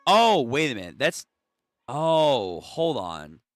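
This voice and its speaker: Young male host, excitable, swears, trips over names; very lively pitch and a bright, pointed tone. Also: slow pace, no echo, faint music behind. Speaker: channel host reading manga aloud. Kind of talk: casual read-through with live reactions.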